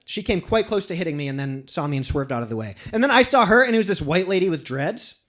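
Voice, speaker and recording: A stand-up comedian with a high, bright voice and wide pitch swings speaks quickly through a wandering, self-mocking set, doing little character voices. He performs in a small apartment before a live audience whose laughter rings out.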